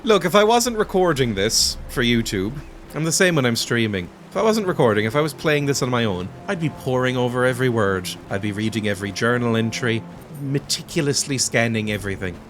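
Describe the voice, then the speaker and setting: A man's voice: medium pitch, lively intonation, brisk, a bit bright, a little hiss or hum. A man hosting a let's play, making sarcastic jokes about the game as he plays. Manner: sarcastic, joking, laughs often. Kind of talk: jokey gameplay commentary.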